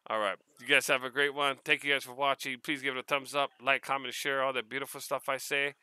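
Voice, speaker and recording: A man from Hawaii with a Hawaiian-tinged accent, casually unboxing mail on his vlog, excitable and quick to laugh. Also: medium pitch, clean tone, dry recording. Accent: Hawaiian Pidgin-tinged English. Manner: excitable, laughs often, repeats words. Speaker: vlogger.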